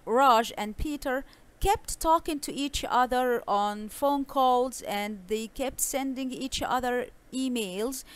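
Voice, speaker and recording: Clear, careful woman teaching English. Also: sits high. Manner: slow and clear, reading dialogues aloud and stressing intonation. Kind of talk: online English lesson.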